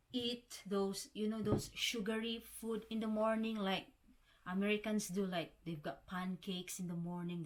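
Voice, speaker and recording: A woman from the Philippines chatting casually to camera as a vlogger, calling her viewers guys and often restarting words. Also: on the low side. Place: home in the Scottish Highlands.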